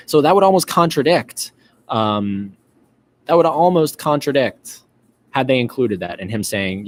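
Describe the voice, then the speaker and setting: A man's voice: medium pitch, lively intonation, measured pace, slight background noise. A man hosting a live-stream podcast, chatting casually and reading out viewer comments, with lots of fillers and restarts. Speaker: podcast host.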